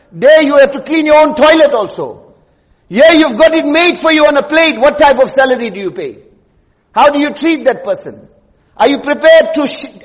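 High-voiced male preacher in a reverberant hall. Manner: emphatic, rhetorical questions, repeats key phrases. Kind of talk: Friday sermon. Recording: long reverb of a large hall.

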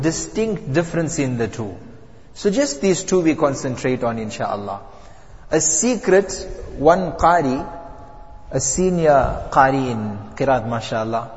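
A man teaching a lesson on Quran pronunciation, telling stories with chuckles and demonstrating letters slowly. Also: a little high. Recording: dull reverberant hall recording.

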